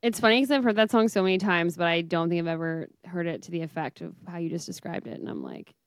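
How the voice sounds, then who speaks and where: A woman's voice: on the low side, animated, fast talker, dry recording. A young woman co-hosting a podcast, casual and wry, with offhand teasing remarks. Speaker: podcast co-host. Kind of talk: casual chat.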